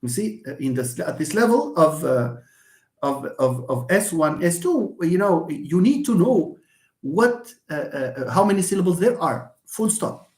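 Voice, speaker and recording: A man's voice: high-pitched, very animated, measured pace, a little mellow. Man teaching English online. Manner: explains patiently, repeats examples, answers students by name. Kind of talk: live online lesson. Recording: echoey room.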